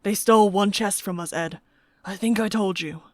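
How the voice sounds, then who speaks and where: A woman's voice: medium pitch, moderate pace, no echo, lightly acted. A woman voicing a forgetful older man who rambles vaguely in an audiobook. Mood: muttering.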